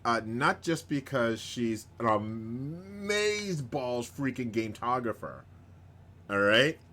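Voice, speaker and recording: A man hosting a live stream in casual chat, rambling, chuckling often and bursting into excited outbursts. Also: mid-range voice, slow pace. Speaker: host of a live-streamed show.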